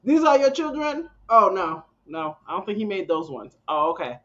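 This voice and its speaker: A woman's voice: mid-range voice, animated, moderate pace, fairly bright tone. A woman, reacting live to a clip with laughing, exclaiming, slangy asides. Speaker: reaction streamer. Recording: dull lo-fi audio.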